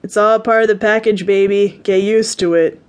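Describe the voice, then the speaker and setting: A woman's voice: mid-range voice, fairly even intonation, normal speed, natural voice. A woman voicing a cocky young actor husband in an audiobook, easygoing and dismissive of worry. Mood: careless.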